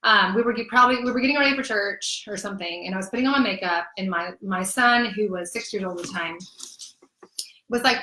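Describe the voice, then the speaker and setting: A woman in her thirties, a guest telling a personal story in an earnest, emotional, animated way. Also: mid-range voice, fast talker, echoey room, slight background noise, rough recording. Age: 30s. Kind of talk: candid personal testimony in conversation.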